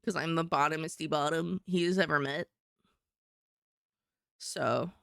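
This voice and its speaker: A woman's voice: deep voice, steady tone, measured pace, gravelly, a bit bright, clean tone, no echo, clean studio sound. A woman streamer chatting in a rambling, self-mocking way while she draws. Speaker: streamer and artist. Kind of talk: casual chat while drawing on stream.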